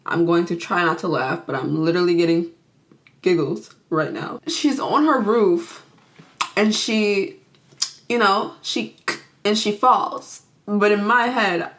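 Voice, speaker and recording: A young adult woman recaps a movie plot casually for her YouTube channel, speaking slowly in a medium-pitched, slightly bright voice with lively intonation. She's chatty and giggly, says "like" a lot, and acts out the characters.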